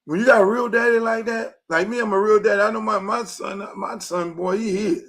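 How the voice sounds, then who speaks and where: Fired-up, bright-voiced man ranting profanely. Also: high voice, steady tone, a little fast. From Miami. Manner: fired-up, profane, acts out quotes in shouts. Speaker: podcast host. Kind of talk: unfiltered sports commentary monologue.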